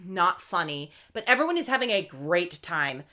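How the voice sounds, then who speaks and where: A woman co-hosting a podcast, recapping in casual chat and acting out quotes with animated voices. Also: on the low side, moderate pace. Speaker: podcast co-host.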